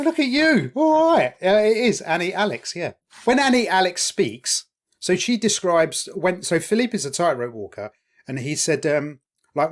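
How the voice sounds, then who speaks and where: A man talks through a casual podcast episode, animated and quick to laugh. His voice sits a little higher than most men's, and he swears freely. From East London. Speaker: podcast co-host. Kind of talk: casual chat.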